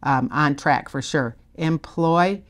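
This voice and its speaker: A woman's voice: fairly low pitch, expressive, normal speed. A woman teaching a spelling lesson to learners on video, in an encouraging, conversational way with frequent check-ins. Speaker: literacy teacher.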